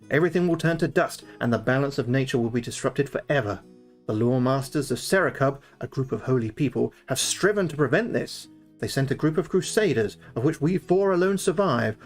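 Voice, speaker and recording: A man's voice: medium pitch, lightly acted. A grave priest recounts an ancient doom in solemn storybook tones as a man reads him. His voice rises and falls with feeling over faint music.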